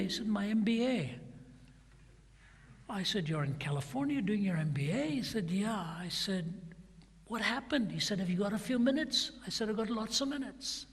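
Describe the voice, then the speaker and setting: A man's voice: sits high, expressive, normal speed, slightly rough. A middle-aged man preaching a sermon, retelling a story and acting out both sides of a conversation. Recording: long hall reverb.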